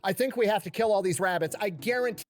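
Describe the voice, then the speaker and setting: A man's voice: high-pitched, fast talker. A man retelling a history story with sarcasm and profanity, ranting in exasperation. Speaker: history commentator.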